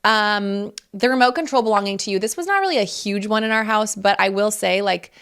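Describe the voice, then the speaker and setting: Woman, thirties, podcast host, gravelly vocal fry, candid, chatty, swears freely, laughs often. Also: medium pitch, brisk, a bit bright. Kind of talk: casual solo podcast monologue.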